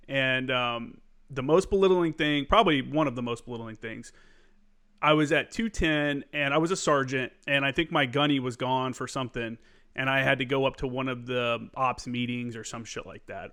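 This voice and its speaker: A man's voice: mid-range voice, moderate pace, fairly bright tone. A man hosting a podcast, a former Marine sergeant, chatting candidly and swearing casually. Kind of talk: casual chat.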